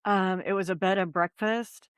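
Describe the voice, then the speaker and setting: A woman's voice: medium pitch, steady tone, normal speed, smooth, dry recording, studio quality. A woman who investigates the paranormal, a podcast guest telling a story in a rambling, casual way with many ums and likes.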